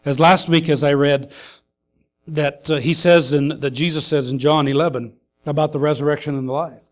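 Pastor guy preaching, grieving, kinda high voice, lots of uhs then big emphatic lines. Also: steady tone. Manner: earnest, pausing often with fillers, rising to emphatic calls. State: grieving his mother. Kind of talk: sermon.

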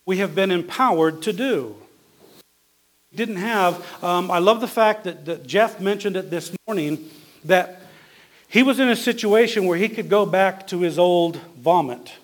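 A high-voiced man delivers a sermon as a pastor. He talks it through conversationally and keeps putting rhetorical questions to his listeners.

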